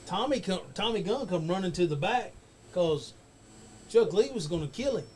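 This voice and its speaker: A man's voice: high-pitched, expressive, normal speed, a little hiss or hum. A man casually telling a rambling, profane backstage story as a guest on a talk show, laughing as he goes.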